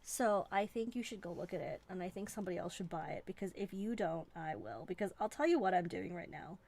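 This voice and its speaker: A woman's voice: fairly low pitch, animated, brisk, vocal fry, darkish tone. A woman from Canada hosting a live stream, chatting in a rambling, playful, self-mocking way from a desk indoors. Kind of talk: casual live-stream chat.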